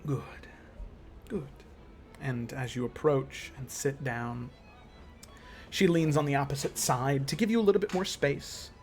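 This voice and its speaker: A man's voice: mid-range voice, normal speed, darkish tone, soft background music. A man narrating a tabletop fantasy game as game master, describing scenes with hesitant restarts. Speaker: dungeon master.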